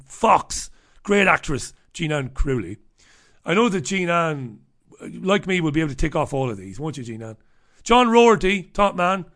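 A man's voice: on the high side, a bit bright. A middle-aged man hosting a radio show, rambling through a checklist with irreverent, profane humor. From Ireland. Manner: rambling, irreverent, swears freely. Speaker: radio host. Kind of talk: casual comic monologue.

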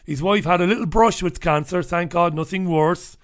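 Profane, ranting Irish radio host. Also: male voice, high voice, moderate pace. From Ireland. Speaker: radio talk show host. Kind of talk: opinionated talk radio monologue.

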